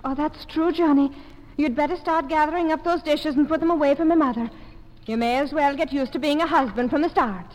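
A woman's voice: high-pitched, a little fast, a little mellow, long reverb tail, lightly acted, low-quality recording. An actress playing a sweet, adoring young woman in 1940s radio acting. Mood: tender.

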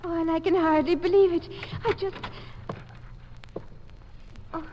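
A woman's voice: very high-pitched, fairly even intonation, a little slow, in a large hall, lo-fi sound, a little hiss or hum. An actress playing a sweet, adoring young woman in 1940s radio acting.

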